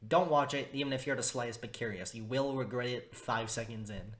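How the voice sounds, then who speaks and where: A young man talks through a cartoon review in a loose, rambling way. He keeps restarting his sentences, says "like" constantly, and piles on exaggerated disgust. His voice sits at an ordinary middle pitch for a man. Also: steady tone, brisk, few pauses, fairly bright tone. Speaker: video reviewer. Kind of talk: casual opinion review.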